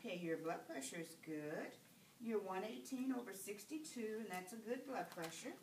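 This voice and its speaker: A woman nursing instructor demonstrating a patient assessment, giving calm step-by-step instructions. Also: mid-range voice, moderate pace. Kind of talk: clinical skills demonstration. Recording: echoey room, far from the mic, noisy.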